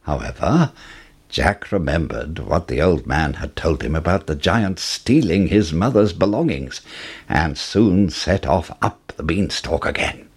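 A man narrating a children's fairy tale, measured and expressive, building suspense. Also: low-pitched, breathy edge. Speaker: storyteller.

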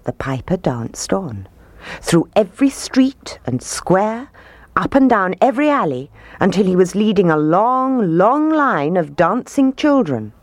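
A woman reading a storybook aloud with expressive, rhythmic narration. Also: medium pitch, measured pace, no echo.

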